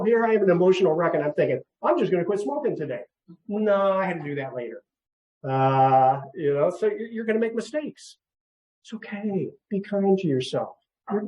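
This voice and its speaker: Middle-aged guy, mellow soft voice, gentle grief talk, kinda high for a man. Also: poor audio. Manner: gentle, repeats words, chuckles often. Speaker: grief counselor. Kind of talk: seminar talk.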